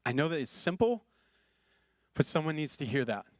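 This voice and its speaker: A male pastor delivers a sermon in an earnest, chatty manner and repeats his phrases for emphasis. His voice sits fairly high for a man. The recording is dry and close, with no room echo. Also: sing-song, moderate pace.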